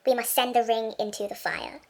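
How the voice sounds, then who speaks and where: A woman's voice: a little high, steady tone, brisk, noisy background, pitched above the performer's own voice, lightly acted. A woman reading aloud the lines of a solemn, wise male elf lord giving counsel, in a grave and urgent way.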